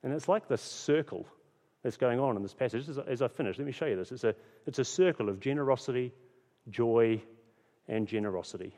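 A man's voice: mid-range voice, fairly quick, warm tone. A man preaching a sermon as pastor, earnest and repeating key phrases for emphasis. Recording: long hall reverb.

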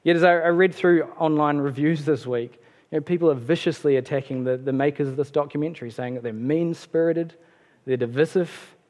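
A man preaching a sermon in a relaxed, conversational way, with fillers and self-corrections. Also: a little high, brisk. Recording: long hall reverb.

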